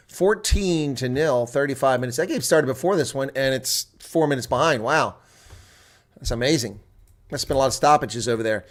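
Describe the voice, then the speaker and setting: A middle-aged man giving live play-by-play and color commentary on a rugby match, breaking into loud excited shouts at big plays and chatting casually with viewers in the lulls. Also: mid-range voice, normal speed.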